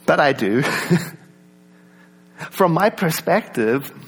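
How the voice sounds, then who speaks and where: A man with a South African accent giving a reflective personal talk, conversational, with many asides and soft laughs. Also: on the high side, animated, drawn-out words, slightly rough. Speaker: speaker.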